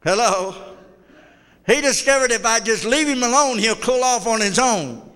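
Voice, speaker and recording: Fervent high-voiced male preacher. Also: expressive, moderate pace, sharp tone, smooth. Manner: fervent, calls out to the congregation. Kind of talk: sermon. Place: church hall. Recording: reverberant church hall.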